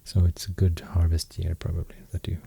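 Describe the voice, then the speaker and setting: A man with a Swedish accent giving a soft-spoken ASMR talk, half-whispering and pausing often with fillers. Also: sits low, monotone, gravelly, breathy edge. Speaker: ASMR host explaining runes.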